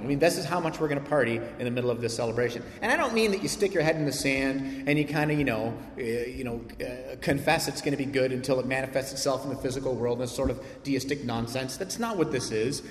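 A man preaching a sermon as pastor, animated, swinging from loud emphasis to quiet asides. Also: a little high. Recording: roomy hall reverb.

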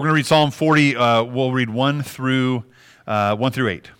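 A man's voice: medium pitch, unhurried, fairly bright tone, clean tone. A man preaching a sermon and reading scripture in an earnest, conversational way to his congregation. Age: adult with young children. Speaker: pastor.

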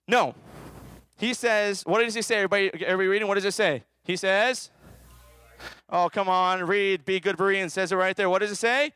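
A man with a high, smooth voice preaches a lively, joking sermon as a children's minister, constantly prompting listeners to answer aloud. The sound is close and dry, with no room echo. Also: brisk. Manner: playful, calls out for audience participation.

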